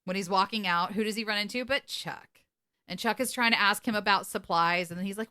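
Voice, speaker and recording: Bright-voiced woman co-host, animated casual storyteller. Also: mid-range voice, brisk. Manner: animated retelling, quoting characters with laughs. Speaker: podcast co-host. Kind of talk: casual episode recap.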